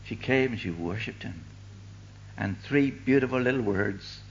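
Fervent older preacher, lively delivery. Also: male voice, on the low side, measured pace, vocal fry, highs cut off, slight background noise. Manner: fervent, swings from loud declaiming to hushed asides. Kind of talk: sermon.

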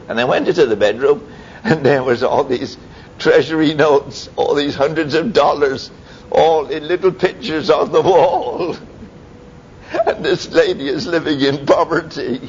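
A man preaching a sermon, telling stories in a lively way with sudden high exclamations. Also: a little slow. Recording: dull lo-fi recording with faint rumble.

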